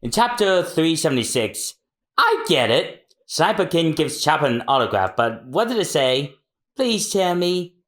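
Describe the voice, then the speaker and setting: A podcast co-host with a mid-pitched voice who reacts emotionally, swearing and exclaiming. The speech is lively, rising and falling widely in pitch. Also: measured pace. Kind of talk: casual podcast chat.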